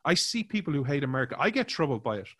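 A man's voice: fairly high pitch, rapid-fire, no echo. Chatty man riffing in a dry room. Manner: animated, acts out quoted voices, many fillers. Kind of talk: casual conversational commentary.

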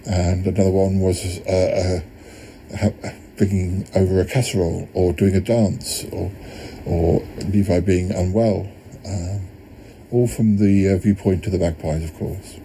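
A man's voice: low-pitched, steady tone, unhurried, warm tone, rough recording. A man hosting a podcast, looking back on past episodes in a rambling, casual way. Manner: rambling, with many ums and restarts. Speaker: podcast host. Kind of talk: casual retrospective narration.

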